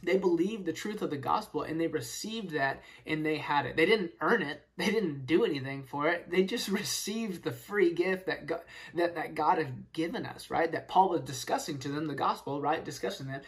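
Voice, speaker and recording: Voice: mid-range voice, normal speed, hardly any pauses. A speaker giving a casual Bible study, explaining verses with rhetorical questions and peppering the talk with "right?" and "man.". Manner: casual, filler-heavy, keeps saying "right?" and "man". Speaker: Bible teacher.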